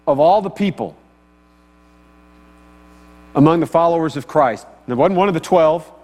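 At normal speed, a pastor with a higher, slightly mellow voice and lively intonation preaches conversationally, often asking his audience questions. The recording carries long hall reverb and a faint mains hum.

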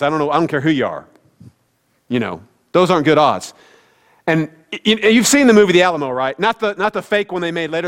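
A man's voice: a little high, fairly bright tone, big-room sound. A middle-aged male pastor preaching a conversational sermon, with joking asides to the congregation. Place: church sanctuary.

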